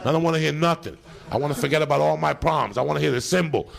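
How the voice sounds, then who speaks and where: A middle-aged male comedian hosting a live podcast from a comedy club stage, ranting in a profane, animated storytelling style. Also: fairly high pitch, very fast, vocal fry. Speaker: comedian host. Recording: live club recording, loud crowd laughter.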